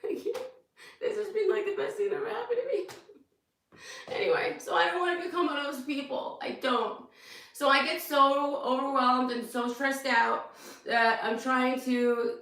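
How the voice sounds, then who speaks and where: A woman fitness coach talking casually to her followers, tearful and rambling, with quick bursts and laughs. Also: on the high side, a bit bright, distant mic. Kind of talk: emotional casual talk to followers. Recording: echoey room, voice off-mic.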